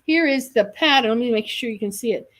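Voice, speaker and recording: A woman's voice: a little high, fast talker, a bit bright. A woman hosting a live sales video for quilt kits, chatty and enthusiastic, often correcting herself mid-sentence. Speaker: shop host selling quilt kits.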